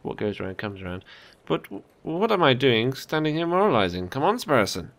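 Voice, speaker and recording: A man voicing a dignified male falcon lawyer who speaks in a measured, noble way. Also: medium pitch, sing-song, creaky, noisy background.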